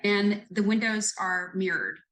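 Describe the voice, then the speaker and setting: A woman in her fifties speaks as a podcast guest and unfolds a story at a measured pace. Her voice sits at an ordinary middle pitch, and she sounds earnest and reflective. She moves from point to point with care. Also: fairly even intonation, fairly bright tone, poor audio. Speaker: retired police lieutenant, guest. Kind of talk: conversational storytelling in a podcast interview.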